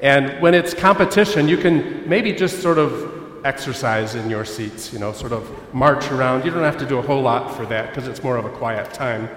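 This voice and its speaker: A man's voice: mid-range voice, moderate pace, fairly bright tone. A man preaching a lighthearted sermon, joking and chatting with his congregation. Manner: jokey, chatty, talks with the audience. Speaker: pastor. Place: church hall. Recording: echoey church hall with long reverb.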